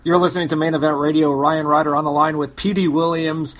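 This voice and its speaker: A man's voice: on the high side, fairly even intonation, fast, fairly bright tone. A man hosting a radio interview, asking his guest questions in a conversational way. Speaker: radio host.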